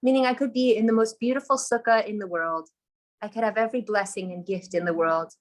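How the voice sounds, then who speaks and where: A woman's voice: medium pitch, a little fast. A woman teaching on a live video call, telling a story in an enthusiastic, chatty way. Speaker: Torah teacher.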